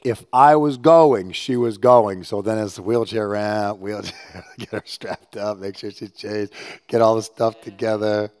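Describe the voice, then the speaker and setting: A male pastor preaching a conversational sermon with personal stories, swinging from hushed, low passages to loud, animated ones. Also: unhurried. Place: church service.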